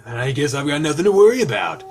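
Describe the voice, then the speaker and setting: Guy doing a mopey shy young hoofed furry dude in a game, flat replies, kinda husky. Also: a little high, fast talker. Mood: glum. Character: shy, glum young male anthro with hooves.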